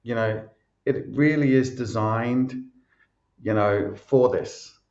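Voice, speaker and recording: A man's voice: medium pitch, takes it slowly, a little mellow. Man hosting a chat, rambles with lots of "you know", roomy echo and kinda muffled sound. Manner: rambling, lots of fillers and restarts. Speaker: podcast host. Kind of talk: casual conversation.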